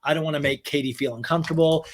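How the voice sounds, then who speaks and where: A man's voice: on the high side, steady tone, rapid-fire, lightly acted. A man impersonating a friendly young woman restaurant owner in a raised voice.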